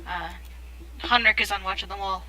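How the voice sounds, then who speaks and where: A woman's voice: mid-range voice, steady tone, moderate pace, sharp tone, poor audio. A woman narrating as game master of a tabletop role-playing game, casual and hesitant with fillers.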